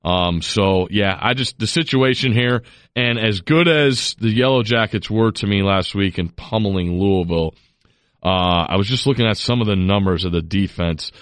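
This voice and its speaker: A man co-hosting a sports betting podcast, rambling and chatty with quick restarts. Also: clean tone, dry recording. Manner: rambling, quick restarts, lively rises in pitch when making a point. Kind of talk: casual sports betting chat.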